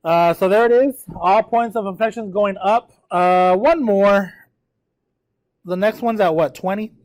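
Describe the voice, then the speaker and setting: This high-pitched, slightly mellow voice belongs to a weary math teacher speaking at normal speed. At the whiteboard in a live class, he explains a graph and keeps asking how the students are doing.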